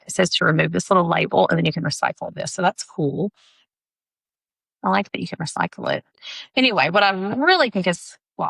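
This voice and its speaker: Gravelly-voiced chatty esthetician woman. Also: lowish voice, a bit bright, dry recording. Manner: chatty, emphatic, repeats instructions. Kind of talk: casual chatty tutorial vlog. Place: home bathroom.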